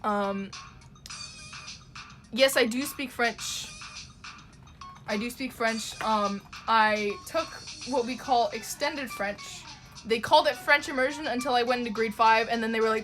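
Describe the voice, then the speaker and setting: Young woman, Toronto Canadian accent, rambling casual stream chat, swears freely, slightly high voice. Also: a little slow, long pauses, fairly bright tone, faint music behind. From Ontario, Canada. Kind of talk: casual live-stream chat while drawing.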